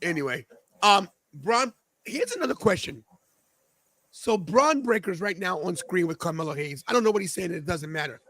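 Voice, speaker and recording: A young man with a notably high, bright voice hosts a casual live watch-along, bursting into excited reactions between bits of chatter. His voice sounds dry and close, with almost no room sound. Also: moderate pace, no room sound. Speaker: podcast host.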